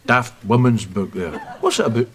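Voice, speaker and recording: A man's voice: mid-range voice, moderate pace, husky, lightly acted. An actor with a Scottish accent playing an irritable old man who lectures and grumbles, in a sketch comedy. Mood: exasperated. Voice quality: exasperated, grumbling. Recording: background noise.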